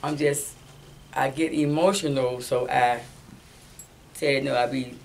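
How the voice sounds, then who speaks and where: A woman in a church class explaining herself haltingly, repeating words as she searches for them. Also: extremely low pitch, fairly even intonation, vocal fry, slight background noise. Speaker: class member. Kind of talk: sharing in a church class discussion.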